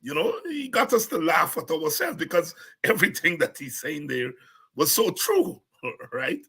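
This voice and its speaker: A middle-aged man from Guyana hosting a show, musing in reflective commentary with halting restarts and soft chuckles. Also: on the high side, huge pitch swings, gravelly, husky, poor audio. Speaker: host.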